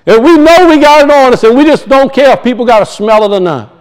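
High-voiced animated male preacher. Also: quick pace, clean tone, rough recording. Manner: animated preaching, rises and drops in pitch, acts out quoted voices; repeats and restarts phrases for emphasis. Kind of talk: sermon.

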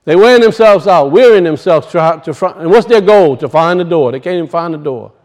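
A man's voice: fairly high pitch, animated, brisk, a little mellow. A man with a Cajun accent preaching a sermon, emphatic and folksy, often putting questions to the congregation.

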